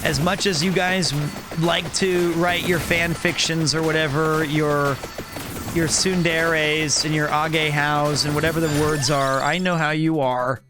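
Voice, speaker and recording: A man's voice: on the high side, level tone, unhurried. Chatty man over game music. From Kansas City, US. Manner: chatty, joking, rambling. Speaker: streamer. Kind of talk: casual gameplay commentary.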